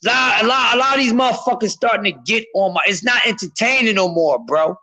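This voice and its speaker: A man on a live stream, ranting about boxing in a loud, profane, repetitive way, often shouting and addressing his chat. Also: sits high, quick pace, low-quality recording. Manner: speaks to a chat member by name. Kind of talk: heated live-stream rant.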